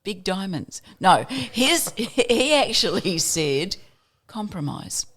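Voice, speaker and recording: A woman's voice: medium pitch, big pitch swings, a bit bright. A middle-aged Australian woman, a former state politician, speaking emphatically and cutting in during casual chat. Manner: emphatic, quick to interject.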